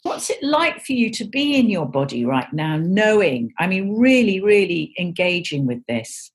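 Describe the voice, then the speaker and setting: A woman interviewing gently, asking soft, encouraging questions with frequent murmured assent. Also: lowish voice, big pitch swings, moderate pace.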